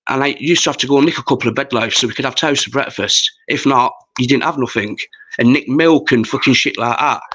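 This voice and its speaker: A man's voice: medium pitch, fast talker, a bit bright, breathy edge, lo-fi sound. A man, chatting casually and swearing freely while hosting a livestream. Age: 40s. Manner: rambling, sweary, chatty with viewers. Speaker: livestream host.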